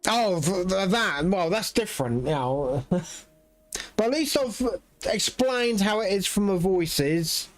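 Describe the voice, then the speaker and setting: High-voiced man rambling through gameplay. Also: animated, takes it slowly. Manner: rambling, swears freely. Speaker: gameplay streamer. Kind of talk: casual gameplay commentary.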